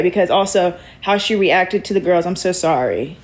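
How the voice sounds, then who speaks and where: A woman's voice: fairly low pitch, lively intonation, moderate pace, rough recording. A woman chatting casually to her viewers on a livestream while she reacts to a TV show, laughing often.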